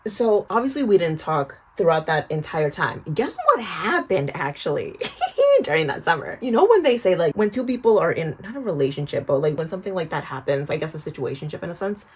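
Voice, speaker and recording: A young woman in her twenties tells a storytime to her viewers with a slightly husky, breathy voice that sits a little low. She is chatty and animated, swears freely and keeps calling the viewer "girl" as she works through her skincare routine. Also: brisk. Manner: talks while doing a skincare routine. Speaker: vlogger. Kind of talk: casual storytime vlog.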